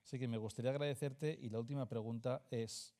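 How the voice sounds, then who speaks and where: A man interviewing a guest on stage in a formal conversation, speaking earnestly and in measured, list-like phrases. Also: mid-range voice, steady tone, warm tone. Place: stage at a public forum.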